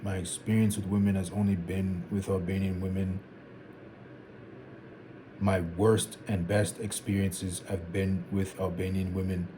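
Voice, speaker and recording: A man's voice: sits low, flat delivery, unhurried, noisy background. A young man from Zimbabwe thinking aloud in a reflective vlog, meandering and repeating phrases as he works through his thoughts. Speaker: vlogger. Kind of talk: reflective solo talk to camera.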